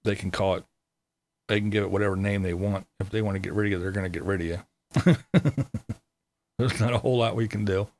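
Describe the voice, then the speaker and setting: A man's voice: on the low side, fairly even intonation, quick pace, long pauses. A man hosting a casual livestream, reading viewer comments aloud in a laid-back way and chuckling often. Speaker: livestream host.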